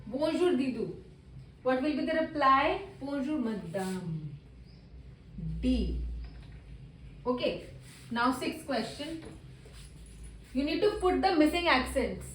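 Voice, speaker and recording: A woman's voice: high voice, expressive, slow, pauses often, far from the mic, a little hiss or hum. A woman teaching beginner French, patiently walking through worksheet answers and repeating each one, with slightly non-native English phrasing. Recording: roomy echo, voice a little off-mic.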